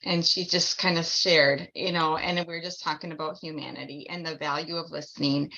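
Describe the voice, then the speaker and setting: Bright-voiced woman host, lo-fi sound. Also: lowish voice. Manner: effusive, enthusiastic. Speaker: podcast host. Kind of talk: casual chat.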